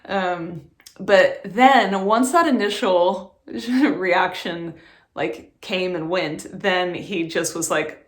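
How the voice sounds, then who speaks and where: Chatty young mom vlogging in an echoey room. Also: female voice, fairly low pitch. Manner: chatty, laughs often, fast storytelling. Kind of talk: casual chat to camera.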